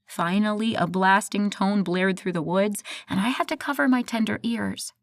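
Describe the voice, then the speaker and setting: A woman's voice: mid-range voice, moderate pace, dry recording. Woman narrating an audiobook, dry close sound. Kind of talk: first-person audiobook narration.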